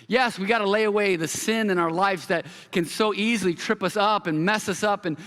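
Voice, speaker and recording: A man preaching a sermon as pastor, telling a story with animated quoted voices. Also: sits high, brisk. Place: church hall. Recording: long hall reverb.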